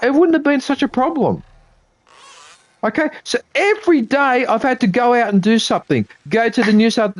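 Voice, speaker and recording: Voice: medium pitch, no echo. An Australian livestreamer ranting casually, swearing freely and exasperated, and checking in with "right?" over and over. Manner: profane, exasperated, keeps asking "right?".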